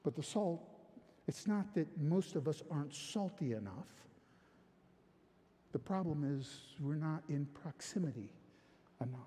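A man preaching a sermon as pastor, asking questions and swinging between emphatic rises and quiet drops. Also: a little high, lively intonation, measured pace, long pauses, breathy edge, long reverb tail.

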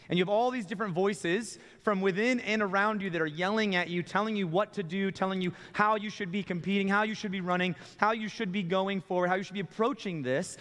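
Young guy pastor talking sermon, kinda high voice, echoey church hall, chatty and stumbly. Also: a little fast, hardly any pauses, a bit bright. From Texas. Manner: conversational, repeats words when starting phrases. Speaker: student ministry pastor. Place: church sanctuary. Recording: long reverb of a church hall.

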